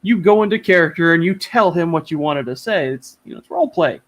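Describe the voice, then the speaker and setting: A man with a slightly high voice talks over a video call from home. He rambles excitedly and swears freely as he chats as a guest. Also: fast. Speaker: interview guest. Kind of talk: casual chat.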